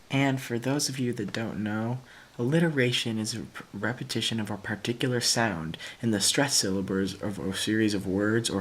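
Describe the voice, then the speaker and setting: Young male vlogger, lowish voice, playful and tongue-in-cheek, light hiss behind. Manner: playful, with mock-dramatic asides. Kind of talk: casual literary analysis.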